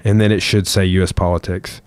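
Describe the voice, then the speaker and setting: Deep-voiced rambling man. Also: flat delivery, fairly quick, darkish tone, dry recording. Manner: rambling, loose and profane. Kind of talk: casual chat.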